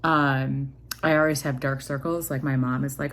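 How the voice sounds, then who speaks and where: A woman's voice: very deep voice, fairly even intonation, normal speed, a little hiss or hum. A young woman chatting casually to camera in a home vlog, rambling with many fillers and restarts. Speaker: vlogger.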